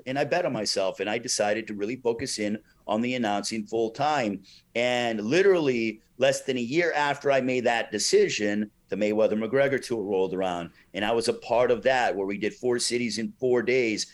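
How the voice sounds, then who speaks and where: A middle-aged man, a ring announcer, telling a story in an interview with lively delivery and frequent "you know" fillers, acting out the voices he quotes. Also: medium pitch, normal speed.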